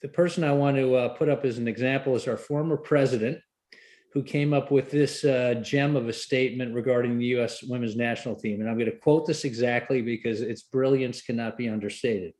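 A man's voice: mid-range voice, steady tone, fairly quick, a little mellow. A man from the United States co-hosting a podcast, giving sardonic, indignant commentary in casual chat. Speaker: podcast co-host.

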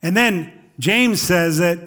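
A middle-aged pastor delivers a sermon in a fairly high, fairly bright voice at a slow pace. He sounds easygoing, as if chatting with the congregation, and keeps checking in with "right?"

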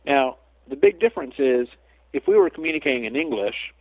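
A man guesting on a podcast interview, an animal communicator, tells his anecdotes animatedly. His mid-range voice has lively intonation and runs a little fast, with no room sound, though the line sounds tinny and phone-like.

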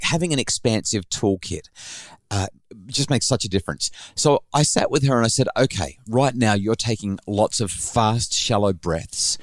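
A middle-aged man hosting a parenting podcast, telling a family story in an animated way with frequent restarts. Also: fairly low pitch, no room sound.

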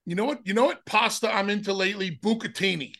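A man's voice: high-pitched, fast talker, fairly bright tone. Teasing male podcast co-host. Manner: teasing, wisecracking. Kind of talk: casual chat.

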